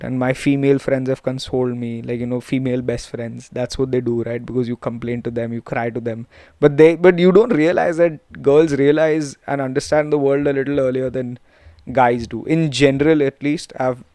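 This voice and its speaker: A young man with an Indian English accent hosts a podcast, telling a story in a loose, profane, rambling way and dropping Hindi and Gujarati words into his English. His voice sits at an ordinary pitch. The recording is dry and close, with no room sound. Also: little pitch movement, normal speed, darkish tone, dry recording. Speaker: podcast host. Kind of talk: casual storytelling monologue.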